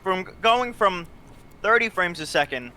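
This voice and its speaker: A man's voice: sits high, lively intonation, moderate pace, sharp tone. A young man co-commentating a game tournament, hesitant, with lots of fillers. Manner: hesitant, filler-heavy analysis. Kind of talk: casual esports co-commentary. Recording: game music under the voice.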